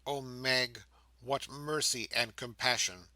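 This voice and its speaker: A man narrating a classic novel audiobook in a measured, expressive reading. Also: mid-range voice, no room sound, rough recording. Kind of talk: scripted narration.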